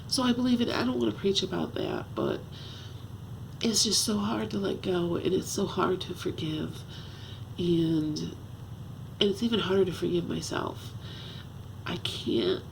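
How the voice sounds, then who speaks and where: Gravelly-voiced woman in her fifties. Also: lowish voice, slight background noise, low-quality recording. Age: 50s. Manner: halting, earnest, self-searching talk with many restarts. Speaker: vlogger. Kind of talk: confessional personal vlog. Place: at home.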